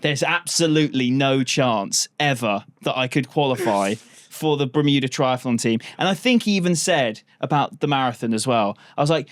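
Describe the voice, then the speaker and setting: A man's voice: medium pitch, lively intonation, normal speed, no room sound. A man hosting a podcast in casual chat, chatty, laughing often and swearing casually. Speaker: podcast host.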